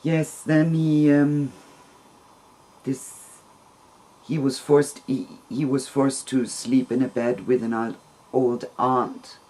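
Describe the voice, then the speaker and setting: Man telling a story at an even pitch. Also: slow, pauses often. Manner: rambling and gentle, with soft laughs between phrases. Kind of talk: casual spoken personal story.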